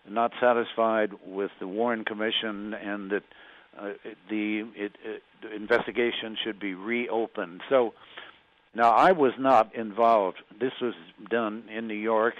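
Older man on a tinny phone line. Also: fairly low pitch. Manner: halting, with many restarts and fillers. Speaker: interview guest, former magazine journalist. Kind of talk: recalling past events in an interview.

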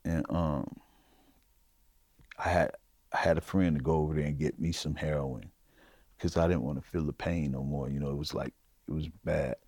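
A middle-aged man from Chicago giving a personal testimony in a halting, informal way, full of fillers. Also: rumbling low, fairly even intonation, darkish tone, breathy edge, dry recording, clean studio sound. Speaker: interviewee.

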